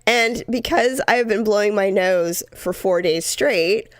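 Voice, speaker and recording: A woman co-hosting a podcast in casual chat, hoarse from a cold, chatty and self-mocking. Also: mid-range voice, measured pace, no room sound, clean studio sound. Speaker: podcast co-host.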